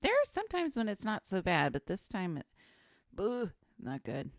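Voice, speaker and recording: Female co-host, animated pitch, quick dry comments, close dry mic. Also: dry recording. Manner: short reactions and wry asides. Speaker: podcast co-host. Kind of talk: casual film chat.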